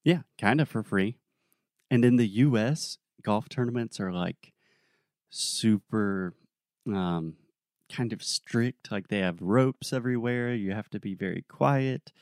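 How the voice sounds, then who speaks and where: A young adult man co-hosting a podcast, telling a story in a relaxed, casual way with plenty of fillers. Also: on the low side, measured pace, no echo, studio quality. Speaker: podcast co-host.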